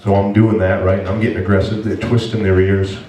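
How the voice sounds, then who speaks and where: A man's voice: sits low, little pitch movement, fairly quick, warm tone, far from the mic. A male pastor preaching a sermon, telling a personal story in an earnest, emotional way. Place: church sanctuary. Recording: echoey church heard from afar.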